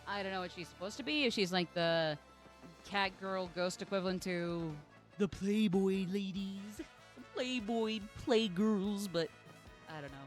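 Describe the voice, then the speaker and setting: A woman streamer chats casually while playing a game, sounding talkative and self-deprecating. Her mid-range voice goes a little slow, with faint music playing behind.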